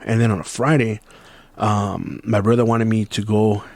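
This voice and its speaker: A man's voice: on the low side, flat delivery, normal speed, gravelly, darkish tone, no room sound. A young man hosting a podcast who tells a story in loose, profane casual chat and drops Spanish phrases into his English. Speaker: podcast host.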